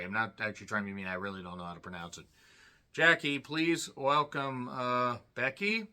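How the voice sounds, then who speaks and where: A man giving a casual spoken review of a wrestling show, sardonic and dry, often clearing his throat. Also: mid-range voice, pushed and bright.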